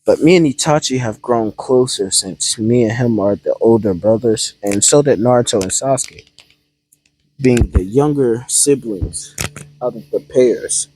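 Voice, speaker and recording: A man's voice: mid-range voice, unhurried, a little mellow, slightly rough, poor audio. A man casually improvising a fan-fiction story, rambling and hesitant with many ums and restarts.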